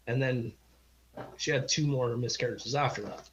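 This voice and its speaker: A man's voice: medium pitch, steady tone, normal speed, slight background noise. Man telling a heartfelt story, lo-fi. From Canada. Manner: rambling, heartfelt, acts out quoted people. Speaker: podcast guest. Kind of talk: casual storytelling interview. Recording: slightly dull lo-fi audio.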